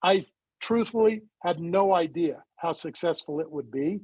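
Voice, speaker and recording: A man being interviewed as a guest and founder of a supplement company, telling his story in a lively way and acting out the dialogue he quotes. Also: fairly high pitch, unhurried, slightly rough, no room sound, low-quality recording. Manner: animated storyteller who acts out quoted dialogue.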